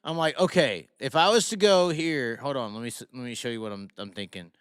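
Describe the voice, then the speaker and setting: A man's voice: medium pitch, a little fast, fairly bright tone, clean tone, no room sound, clean studio sound. A man hosting a casual live stream, rambling and incredulous, talking to viewers with many restarts. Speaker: livestream host.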